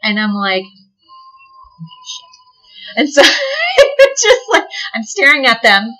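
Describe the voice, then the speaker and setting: A woman guest on a podcast, a delivery nurse telling stories in casual chat, animated and laughing often, with casual swearing. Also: high-pitched, slow, soft background music, low-quality recording.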